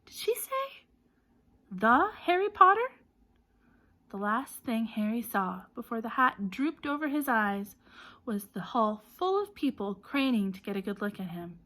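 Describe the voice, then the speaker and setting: A woman narrates an audiobook in a bright, forward voice. She reads in a lively way and gives called-out names and shouts plenty of energy. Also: mid-range voice, normal speed. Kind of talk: storybook narration.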